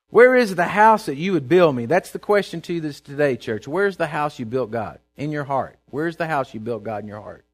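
A middle-aged pastor preaching to his church in a slightly high voice. He booms some passages and drops others to a near-confiding hush. His folksy delivery keeps checking in with the congregation. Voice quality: swings from loud declaring to low confiding. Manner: folksy and conversational, calls out to the congregation. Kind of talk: sermon.

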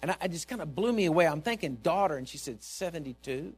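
Preacher, slightly high voice, lively storyteller, quiet asides then loud pleas, church sermon. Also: male voice, very fast, breathy edge. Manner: animated storyteller, swings from hushed asides to loud exhortation. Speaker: pastor.

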